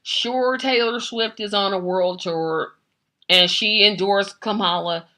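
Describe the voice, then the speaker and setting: A woman hosting a live-stream commentary show, speaking with an emphatic, animated delivery. Her voice is bright and forward, and she often repeats phrases for emphasis while talking straight to her viewers. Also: medium pitch, slow pace. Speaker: political commentary host.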